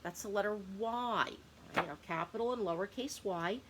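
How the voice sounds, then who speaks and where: A woman's voice: mid-range voice, moderate pace, background noise. A woman teaching a phonics lesson to young children, patiently sounding out words and answering her own questions. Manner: asks questions and answers them herself.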